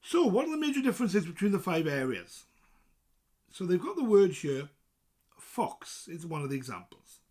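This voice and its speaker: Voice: mid-range voice, big pitch swings, normal speed, darkish tone. A presenter from South Wales with a South Welsh accent, explaining things in a chatty, casual way and reading points from a list with asides.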